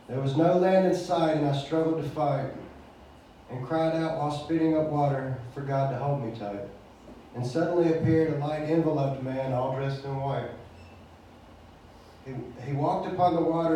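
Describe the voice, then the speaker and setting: A man from Mississippi with a Mississippi Southern accent, reciting a spoken word poem in a steady, rhythmic delivery at an open mic night. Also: on the high side, distant mic, a little hiss or hum. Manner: excited chatty intro, then steady rhythmic recitation. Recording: very echoey room, voice from off mic.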